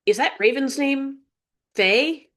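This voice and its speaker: A woman's voice: sits high, slow pace, fairly bright tone, pitched above the performer's own voice. A woman voicing an inquisitive talking starling that asks puzzled questions in a raised voice.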